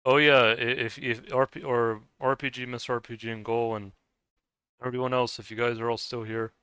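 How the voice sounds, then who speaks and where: A man's voice: mid-range voice, level tone, a little fast, pushed and bright, smooth, dry recording. A man streaming a game and chatting casually with viewers, rambling with many fillers and restarts and chuckling often. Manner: chuckles often between remarks. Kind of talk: casual chat while gaming.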